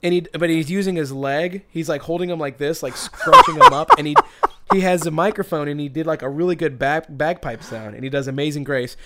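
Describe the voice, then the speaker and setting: A man's voice: fairly high pitch, sing-song, a little fast, heavy background noise. A man on a podcast telling a story in casual chat, rambling with many restarts and bursts of laughter.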